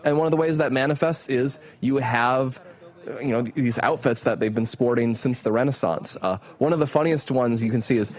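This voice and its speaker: Man, panel commentator, mid-range voice, explanatory, dry asides. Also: medium pitch. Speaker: religion commentator.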